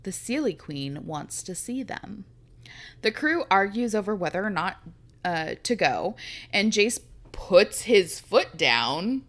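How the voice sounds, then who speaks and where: A woman's voice: mid-range voice, very animated, slow pace, a bit bright. Woman, podcast co-host, casual and giggly, salty language. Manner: laughs often, swears casually. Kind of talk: casual chat.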